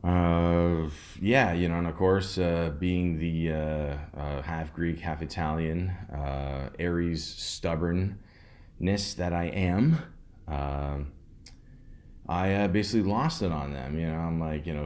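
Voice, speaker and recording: A man's voice: sits low, steady tone, slow, darkish tone. A middle-aged man hosting a podcast, telling a story in a rambling, sarcastic way with lots of fillers and restarts. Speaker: podcast host. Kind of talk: casual storytelling monologue.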